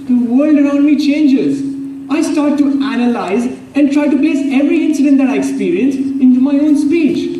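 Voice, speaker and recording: A young man delivering a prepared humorous contest speech with animated, punchline-driven timing, recorded from far off in a large echoey hall. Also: extremely high pitch, background noise. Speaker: contest speaker. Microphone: far from the mic.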